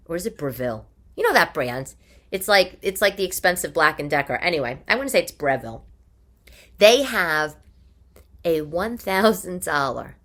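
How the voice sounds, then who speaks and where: A woman's voice: on the low side, a bit bright. A woman with a New York accent, a mother hosting a casual monologue from her living room, chatty and opinionated, firing off rhetorical questions. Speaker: podcast host.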